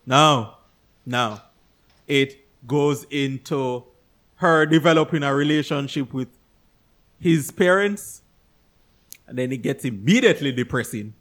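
This co-host of a casual chat has a mid-range, somewhat bright voice and takes his time. Exasperated, he rants about a movie, cursing and performing how he reacted.

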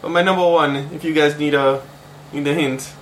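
A man's voice: on the high side, steady tone, fairly quick, noisy background. A man co-hosting a casual podcast, rambling and restarting his sentences as he ranks favorites. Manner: rambling, self-interrupting, with fillers. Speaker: podcast co-host. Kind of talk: casual chat.

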